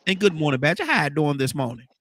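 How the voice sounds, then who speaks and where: A man's voice: a little high, very animated, quick pace, fairly bright tone. Upbeat man hosting. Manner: repetitive, upbeat greetings, stumbling restarts. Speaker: host. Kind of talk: casual morning show chat.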